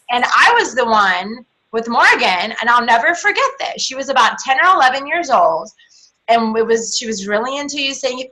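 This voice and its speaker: A woman's voice: a little high, pushed and bright, low-quality recording. A middle-aged woman hosting a team call, chatty and emotional, rambling through a story. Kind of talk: casual team call chat.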